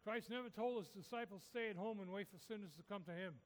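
A man's voice: sits high, fast, big-room sound. A man preaching a sermon, urging his listeners with repeated, rising calls. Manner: repetitive, rising exhortation.

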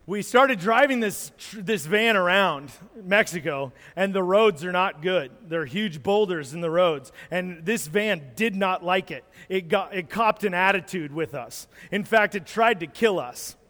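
A man, a pastor, telling a lively story from a mission trip during a sermon, acting out moments as he goes. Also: sits high, a little slow, few pauses. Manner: animated storyteller, acts out moments. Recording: long hall reverb.

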